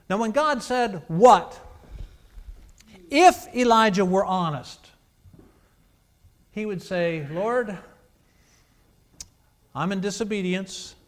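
A pastor delivers a sermon in a high, light male voice. He drops to near-hushed phrases, then rises to emphatic, forceful passages. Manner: preaching with swings between hushed and emphatic.

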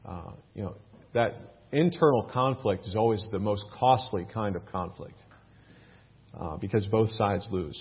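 A man teaching a Bible passage, reading the verses aloud with lifted emphasis, then explaining them in a relaxed, folksy way with plenty of fillers. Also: on the low side, unhurried, slightly rough. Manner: reads scripture louder and more raised, explains in a relaxed folksy way with fillers. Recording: tinny phone-like sound.

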